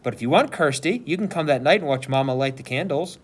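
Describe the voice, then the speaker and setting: A man's voice: on the high side, lively intonation, fast. A man doing a patient, kindly young girl. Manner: gently persuasive, patient. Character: friendly, practical young girl, about ten. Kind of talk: read-aloud storytelling.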